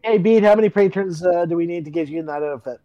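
A man's voice: high voice, fast, mellow, dull audio, soft background music. A man co-hosting a casual movie-riffing podcast, tossing out crude wisecracks. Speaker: podcast co-host.

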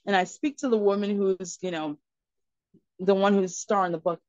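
A woman guest on a podcast, telling a personal story in an earnest, expressive way. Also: medium pitch, moderate pace, dry recording. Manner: earnest and expressive, acting out dialogue in her story. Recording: slightly muffled, dry recording.

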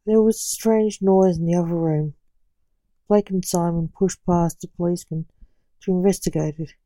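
A woman reading a fan-fiction story aloud in plain, unhurried narration. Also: fairly low pitch, fairly even intonation, mellow, no room sound, low-quality recording. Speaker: reader.

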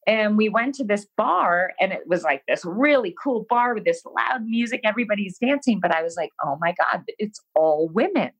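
A woman's voice: medium pitch, normal speed, hardly any pauses, breathy edge, low-quality recording. Woman guest telling her story, frank and self-deprecating, plain middle voice. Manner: frank, self-deprecating, animated when quoting herself. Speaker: interview guest. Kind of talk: candid personal storytelling.

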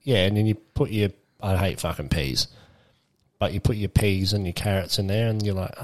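A man with a low voice trades banter on a podcast. He's crude and playful, dropping swear words into jokes and quick asides. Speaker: podcast co-host. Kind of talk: casual banter. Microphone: podcast microphone.

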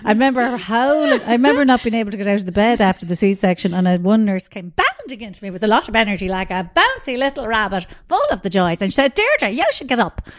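A woman, a comedian guest, telling a lively anecdote with frequent laughs and a habit of dropping to a whisper when she quotes people. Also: mid-range voice, fast talker, hardly any pauses, no echo, clean studio sound. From Ireland. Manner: lively storyteller, laughs often, swears, drops to whispers when quoting people. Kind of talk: anecdotal storytelling.

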